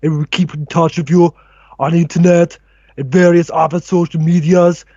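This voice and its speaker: A man's voice: on the high side, flat delivery, moderate pace, dark tone, dry recording. A man voicing a polite, composed male butler in a mild, hesitant way. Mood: apologetic. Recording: dry, muffled lo-fi mic.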